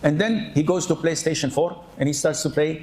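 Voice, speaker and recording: A man preaching an animated, humorous sermon, often acting out the people he quotes. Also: a little high, brisk. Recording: echoey room.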